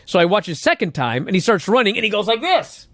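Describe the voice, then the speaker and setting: A man talks casually on a podcast, retelling a scene with animated energy and the occasional swear word. His voice sits high and swoops up and down a lot. The sound is close and dry, with no room around it. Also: quick pace, dry recording. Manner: animated storyteller, swears, laughs. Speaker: podcast co-host. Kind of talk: casual chat recapping wrestling.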